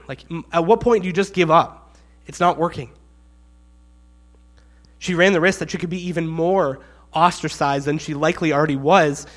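A man preaching a sermon in a conversational way, reading scripture and acting out the quotes with rising emphasis. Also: on the high side.

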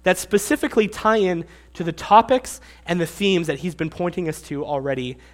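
A young man preaching a sermon, animated, acting out the disciples with sarcastic asides. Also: high voice, a little fast.

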